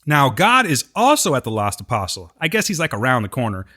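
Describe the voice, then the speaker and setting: A male podcast co-host recaps a TV episode in a casual, joking style. His voice is mid-pitched and conversational. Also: wildly swooping pitch, fairly quick, bright, forceful tone. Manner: chatty, joking, retells scenes.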